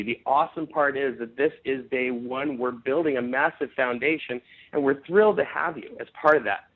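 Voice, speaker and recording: A man leading a network marketing conference call, giving an upbeat, emphatic sales pitch with frequent restarts. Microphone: phone conference call. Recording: tinny phone line.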